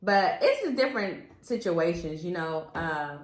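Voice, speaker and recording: A woman's voice: lowish voice, lively intonation, measured pace, reverberant. Chatty woman co-hosting a podcast. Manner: chatty, asks the audience for feedback. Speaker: podcast co-host. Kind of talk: casual chat.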